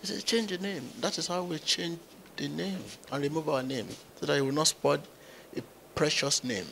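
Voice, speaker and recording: A pastor, a middle-aged man, is addressing his congregation. He tells a story with lively swings and bursts of loud exclamation. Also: fairly high pitch, moderate pace, gravelly, slight background noise. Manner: animated storyteller who acts out quotes with sudden loud exclamations. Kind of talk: preaching, telling a story to a congregation.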